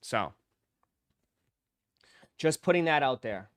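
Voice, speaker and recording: A man's voice: medium pitch, animated, takes it slowly, no room sound, studio quality. A man hosting a casual livestream, talking straight to his chat viewers and repeating phrases for emphasis. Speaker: livestream host.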